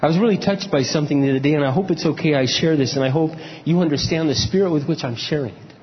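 Married guy preaching, kinda high voice, goes quiet then shouts, long echo in the hall. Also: fast. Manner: storytelling, swings from low confessional murmurs to loud shouted emphasis. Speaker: pastor. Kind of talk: sermon. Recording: dull, echoey hall sound.

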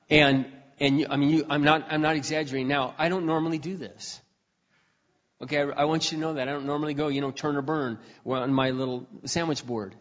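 Recorded with a dull sound in an echoing hall, a man with a medium-pitched voice preaches his personal testimony. He tells it like a conversation, pausing to clear his throat again and again.

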